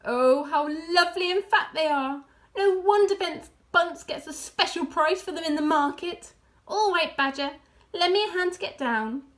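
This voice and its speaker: A woman's voice: very high-pitched, normal speed, a bit bright, pitched above the performer's own voice. Woman doing Mister Fox, grand and gleeful. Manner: grand, relish-filled, commanding. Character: proud, showy adult male fox, head of family.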